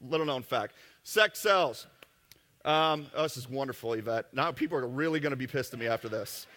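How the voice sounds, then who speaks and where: Male seminar speaker, brash and joking, bright tone, echoey hall. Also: medium pitch. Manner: brash, joking, rapid asides to the audience. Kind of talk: live seminar talk. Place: event room with an audience.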